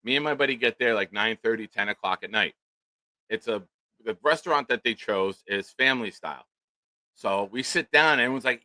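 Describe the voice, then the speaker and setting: A middle-aged man rants through a crude comic story, loud and animated. His voice is bright and forceful, and the sound is dry and close with no room echo. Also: lowish voice, brisk. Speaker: podcast co-host. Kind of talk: profane comedic storytelling.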